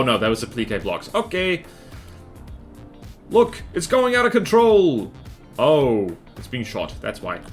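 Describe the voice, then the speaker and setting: Man, game streamer, very animated pitch, rambling, opinionated, live chat with viewers. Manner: rambling and opinionated, reacting to battles on screen.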